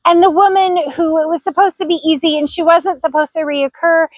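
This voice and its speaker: A middle-aged woman tells a personal story in an earnest, heartfelt way. Her voice sits high, and the sound is dry and close with almost no room around it. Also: flat delivery, a little fast, no room sound. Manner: earnest, heartfelt, emotional at times. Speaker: vlogger.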